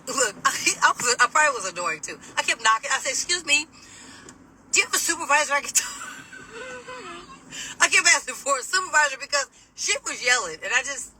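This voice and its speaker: A middle-aged woman telling a personal story to camera in a casual, animated, sassy way, laughing as she mimics people. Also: medium pitch, far from the mic, slight background noise, low-quality recording.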